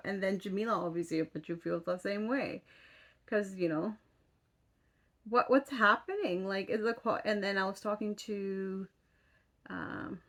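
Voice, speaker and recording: A woman's voice: mid-range voice, a bit bright. A woman in her thirties telling a story in casual chat as a vlogger, exasperated, swearing casually and full of fillers. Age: 30s.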